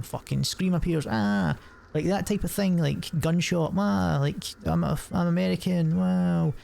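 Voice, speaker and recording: A man's voice: on the high side, vocal fry, mellow. Rambling man streaming. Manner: rambling and profane, many fillers and restarts. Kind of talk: casual chat while gaming.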